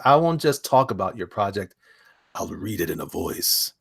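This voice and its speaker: A man hosting a casual online chat about indie comics, excitable and rambling, laughing often. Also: low voice, normal speed, creaky, no echo, clean studio sound. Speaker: host.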